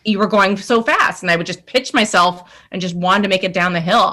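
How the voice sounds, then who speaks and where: Bright-voiced woman guest, animated. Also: medium pitch, a little fast. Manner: animated and self-deprecating. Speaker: podcast guest. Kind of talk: casual chat.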